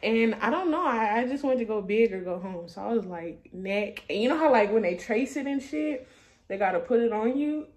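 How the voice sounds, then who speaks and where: A woman's voice: on the high side, animated, normal speed, a little mellow. A young adult woman telling a storytime vlog in a loose, profane, laughing way. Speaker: vlogger. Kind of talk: casual storytime monologue.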